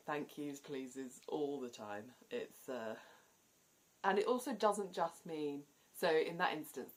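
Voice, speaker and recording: A woman's voice: sits low, expressive, a little slow. A woman with a southern English accent, chatting casually to camera as a vlogger and laughing often between points. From southern England. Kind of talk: casual explanatory vlog.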